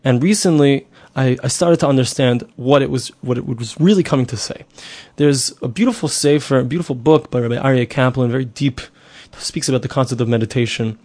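A middle-aged man teaches a spoken Torah lesson in a medium-pitched, darkish voice, talking fairly quickly with few pauses. He explains earnestly, repeating himself and posing rhetorical questions.

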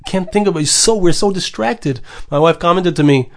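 A man's voice: high-pitched, moderate pace. A man giving a Torah sermon, impassioned, repeating phrases and building to urgent questions. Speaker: rabbi giving a Torah talk.

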